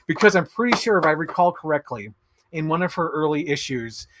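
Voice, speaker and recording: A man in his thirties hosting a casual unboxing stream, chatting in an excitable, rambling way with bursts of laughter. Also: fairly high pitch, a little fast, dry recording. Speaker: streamer host. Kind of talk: casual chat while unboxing collectibles.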